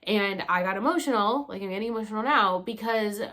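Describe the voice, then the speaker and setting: Young woman vlogger at mid pitch, chatty and candid, swears freely. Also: a little fast. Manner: animated, swears freely, fillers like "like". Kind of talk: casual storytelling to camera.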